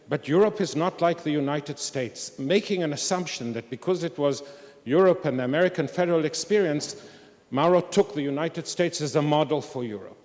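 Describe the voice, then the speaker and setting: Speaking at an academic conference in a large historic hall, an older man offers a candid, reflective talk, his voice on the high side and a little mellow. The hall's long reverb carries through the recording.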